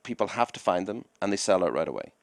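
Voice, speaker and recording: A man's voice: deep voice, very animated, quick pace, creaky, no room sound. A man who runs a comedy club, a podcast guest telling long, rambling anecdotes and acting out the dialogue in them. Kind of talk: conversational storytelling.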